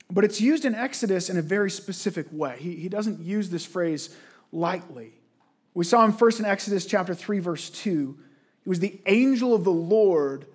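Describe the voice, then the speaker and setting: High-voiced man preaching a sermon. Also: darkish tone, breathy edge. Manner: earnest, conversational preaching with rhetorical questions; frequent restarts and repeated words. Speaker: pastor.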